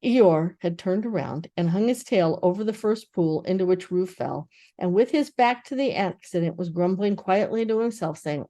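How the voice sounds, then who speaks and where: An older woman, a grandmother, reading a children's book aloud with expressive storytelling. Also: on the low side, normal speed.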